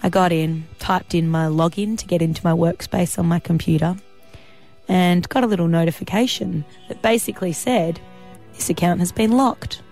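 A woman hosting a radio show from the studio, chatty and bubbly with quick laughs. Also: fairly low pitch, gravelly, darkish tone, soft background music. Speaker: radio host. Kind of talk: casual radio chat. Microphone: studio mic.

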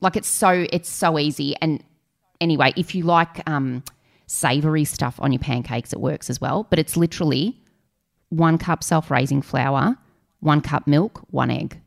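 A woman's voice: low voice, moderate pace, vocal fry. A woman, a mother co-hosting a casual chat in a frank, self-deprecating way. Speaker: podcast co-host.

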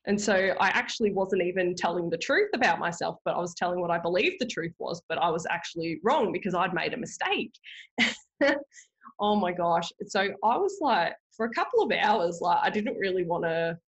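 A woman's voice: lowish voice, animated, normal speed. A woman, hosting a podcast and telling a personal story in a chatty, rambling way full of ums and self-corrections. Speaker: podcast host. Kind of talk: casual storytelling monologue.

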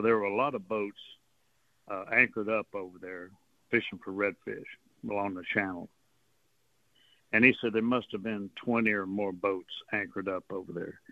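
A man's voice: fairly low pitch, gravelly, no echo. A man, a guest on a radio show, telling stories in a folksy, rambling way and chuckling often. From Texas coast. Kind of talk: casual storytelling on radio. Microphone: phone call. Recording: tinny phone line.

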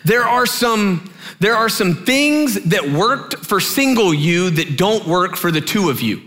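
A man preaching as a youth pastor, telling a personal story in an animated way and laughing often. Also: high-pitched, measured pace.

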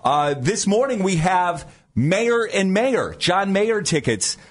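A man's voice: high-pitched, sing-song, takes it slowly. A middle-aged man co-hosting a morning radio show, chatty and stumbling over words. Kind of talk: casual radio banter.

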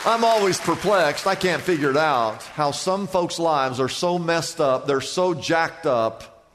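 A man's voice: a little high, expressive, measured pace, fairly bright tone, some chatter behind, slight background noise. A male pastor preaching an emphatic, conversational sermon full of repetition. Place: church sanctuary. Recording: long church hall reverb.

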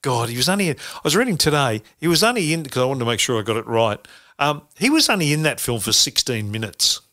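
A man's voice: medium pitch, big pitch swings, quick pace, bright, forceful tone. A middle-aged man hosting a casual podcast chat, rambling with lots of fillers and restarts. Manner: rambling with many fillers and restarts, laughs easily. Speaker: podcast host.

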